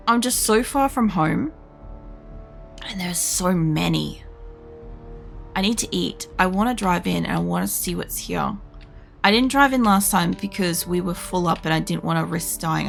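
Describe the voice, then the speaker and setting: A woman's voice: medium pitch, creaky, fairly bright tone. A young Australian woman streaming a game, rambling through a casual story with lots of fillers and the odd swear word. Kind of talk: casual gaming commentary.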